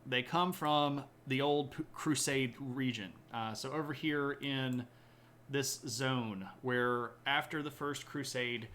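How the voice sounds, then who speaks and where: A man's voice: mid-range voice, fairly even intonation, takes it slowly, a bit bright, a little hiss or hum. Rambling man hosting a history stream. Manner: rambling, many fillers and restarts, laughs at own jokes. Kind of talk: casual chat reading viewer comments.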